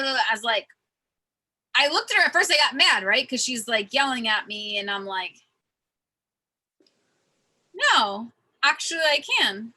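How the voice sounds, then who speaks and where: Bright-voiced woman chatting about spirituality, earnest and animated, kinda high. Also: rough recording. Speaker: host. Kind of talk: casual spiritual chat.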